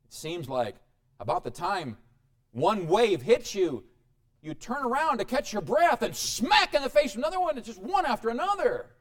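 A man preaching a sermon, dramatic, with sudden rises and quiet drops. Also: high voice, very animated, moderate pace.

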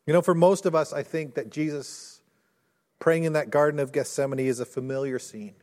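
A male pastor preaching a sermon in earnest, rising to intense storytelling and dropping low and soft. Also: fairly even intonation, moderate pace. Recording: long hall reverb.

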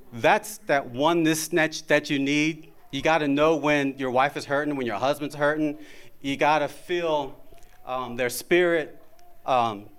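A man's voice: on the high side, smooth. A middle-aged man giving an informal sermon about marriage, talking conversationally and often repeating his words.

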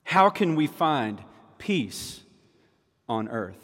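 A man preaching a sermon with emphatic repetition of key lines. His voice sits at a middle pitch and rings out with a long hall reverb, as in a church sanctuary. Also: sing-song, very slow, a bit bright. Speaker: pastor.

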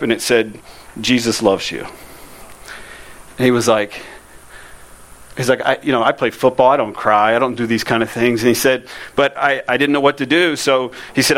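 A man's voice: medium pitch, fairly bright tone. A man telling a personal ministry story in a casual, conversational way, often saying "you know" and "I mean". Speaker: youth ministry speaker.

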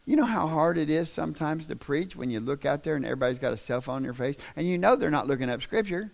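A male pastor delivering a sermon as a humorous, conversational story that builds into loud, emphatic stretches. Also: fairly high pitch, lively intonation, fast, creaky.

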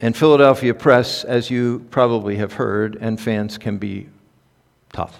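A man, a pastor, preaching a sermon in a conversational, halting way full of ums, now and then rising to emphatic peaks. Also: mid-range voice, little pitch movement, vocal fry. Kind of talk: sermon with personal stories. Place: large conference hall. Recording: long hall reverb.

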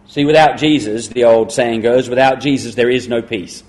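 A middle-aged male pastor preaching a sermon, emphatic, slowing and dropping to a hush on key words. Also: medium pitch.

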